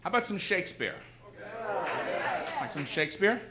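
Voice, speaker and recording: A man's voice: high-pitched, very animated, normal speed. A male stand-up comedian on a theater stage, chatting playfully with the audience between bits. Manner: chatty, playful set-up patter. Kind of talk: stand-up set. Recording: noisy live audience laughter.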